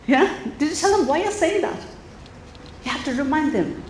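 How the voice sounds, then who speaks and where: A middle-aged woman giving an earnest, animated talk to parents at a school coffee morning, often putting questions to the audience. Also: sits high, brisk. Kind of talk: lively talk to a room of parents. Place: school hall or meeting room. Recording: echoey room, faint background noise.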